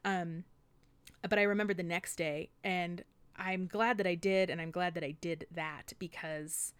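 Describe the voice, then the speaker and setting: A woman with a somewhat low voice tells a wild personal story on a podcast, animated and full of profanity. The sound is dry and close, with no room around it. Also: a little slow, clean tone, no room sound. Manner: animated, swearing, vivid retelling with acted-out quotes. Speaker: podcast co-host. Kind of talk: casual storytelling chat.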